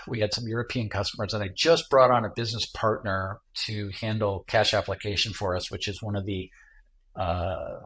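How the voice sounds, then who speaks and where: A middle-aged man from Michigan, a tech entrepreneur guest, telling a travel anecdote in a casual interview, with lots of fillers and restarts. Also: on the low side. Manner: animated anecdote teller with many fillers.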